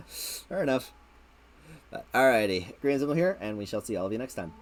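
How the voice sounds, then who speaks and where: A man's voice: medium pitch, big pitch swings, moderate pace. A man hosting a casual late-night stream chat, rambling and repeating words, laughing often. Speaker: streamer host.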